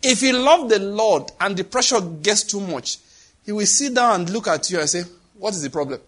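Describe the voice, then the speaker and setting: Animated preacher, husky and high. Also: male voice, moderate pace. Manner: animated, dramatic, acts out voices and sound effects. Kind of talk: sermon.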